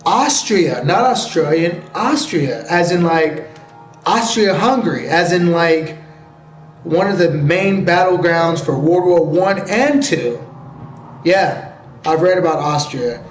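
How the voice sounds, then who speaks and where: An American man on a live game stream, chatting loosely with viewers and joking as he answers their questions. His voice sits a little high for a man. The sound is roomy and echoey, with faint music playing underneath. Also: takes it slowly. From United States. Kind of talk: casual live-stream chat.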